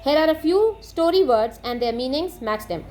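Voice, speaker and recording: Soft music plays in the background as a high-voiced woman works through an English textbook lesson at normal speed. Her approach is steady and methodical: read an item aloud, then explain it.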